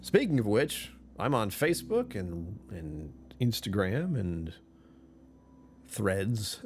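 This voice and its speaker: A man's voice: on the low side, a little hiss or hum. A man chatting casually on a live stream, rambling and joking with viewers.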